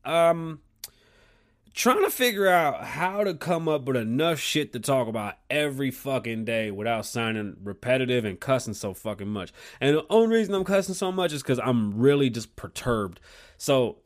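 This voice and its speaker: A man's voice: medium pitch, expressive, moderate pace. A man hosting his own talk show, ranting bluntly with constant cussing and a combative edge. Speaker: podcast host. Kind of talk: profane opinion rant.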